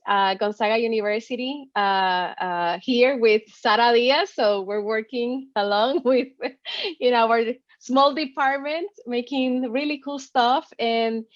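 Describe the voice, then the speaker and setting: A woman's voice: a little high, a bit bright, dry recording. A woman from Puerto Rico introducing herself as a professor on a webinar, hesitant, with many fillers. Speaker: assistant professor. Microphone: video call. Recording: dull dry video call audio.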